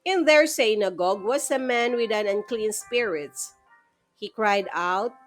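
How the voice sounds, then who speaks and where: A woman reading scripture aloud in a calm, measured, reverent way. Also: mid-range voice. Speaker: scripture reader. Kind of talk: slow devotional scripture reading. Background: soft instrumental music.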